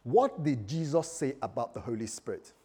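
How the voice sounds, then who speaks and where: A man's voice: mid-range voice, animated, moderate pace, warm tone, breathy edge. A male preacher giving a sermon, telling stories animatedly and acting out the voices of the people in them.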